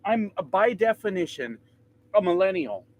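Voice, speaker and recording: Sitting in his truck, a thirty-something trucker vlogger vents to viewers with profanity and self-mockery in a casual rant. He speaks high, very animated and unhurried, over a little hiss or hum.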